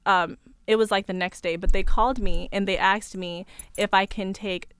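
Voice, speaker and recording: A young woman in her twenties, a radio studio guest telling her own story in a calm, measured way. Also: medium pitch, clean tone, no echo. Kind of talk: recounting a personal story on radio. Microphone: studio microphone.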